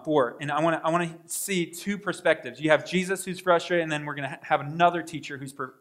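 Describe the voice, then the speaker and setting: A man preaching a sermon in a church, with a high, light voice. He keeps it conversational, talking straight to the congregation, then swings from loud, pressing stretches to quiet, soft asides. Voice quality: tall speaker, says he is six five. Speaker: pastor. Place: church sanctuary.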